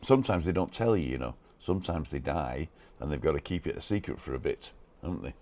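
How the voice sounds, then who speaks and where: Guy, really low voice, rattling through viewer names on his live stream, chatty and quick. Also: expressive, darkish tone. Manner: fast-talking, reads out viewer comments and names. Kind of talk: casual live-stream chat. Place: balcony outdoors.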